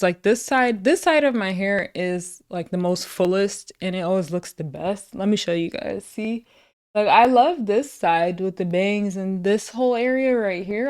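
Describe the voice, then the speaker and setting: Young woman vlogger, casual talk to camera, low-energy and downcast, smooth clear voice. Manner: low-energy, glum and confiding, with rueful laughs. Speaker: beauty vlogger.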